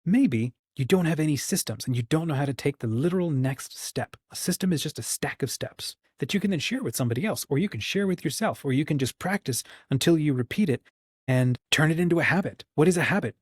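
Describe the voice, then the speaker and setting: Slightly high-voiced and animated, this American man hosts his channel at a somewhat quick pace, his voice carrying a breathy edge. The studio-quality recording has no echo, and he chats casually and supportively on the livestream, wandering between topics and playing out short dialogues himself.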